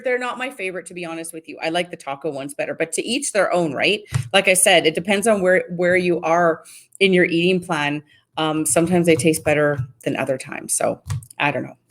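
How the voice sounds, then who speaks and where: A middle-aged woman from Canada hosting a casual live stream, chatting with viewers and answering their comments as they come in. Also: fairly low pitch. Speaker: host of a live fasting stream.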